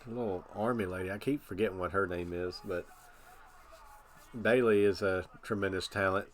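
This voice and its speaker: Laid-back low-voiced man reacting casually. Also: steady tone, moderate pace. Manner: laid-back, rambling, uses filler phrases. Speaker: live stream reaction host.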